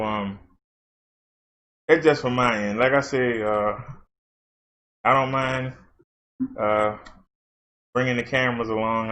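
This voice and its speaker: A man's voice: medium pitch, a bit bright. A man, hosting his channel and telling a rambling, folksy story in casual chat, full of fillers. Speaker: channel host. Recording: dull lo-fi sound.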